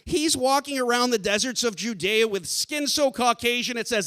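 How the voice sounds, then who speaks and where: A man doing a stand-up set on a theater stage, deadpan and self-deprecating, bursting into shouted rants. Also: very high-pitched, moderate pace, smooth. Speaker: stand-up comedian.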